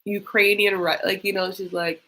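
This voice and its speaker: Low-voiced sarcastic woman streamer. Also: animated, moderate pace, fairly bright tone, slightly rough. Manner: chatty, sarcastic, theatrical. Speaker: live-stream host reacting to a reality show. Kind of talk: casual live reaction chat.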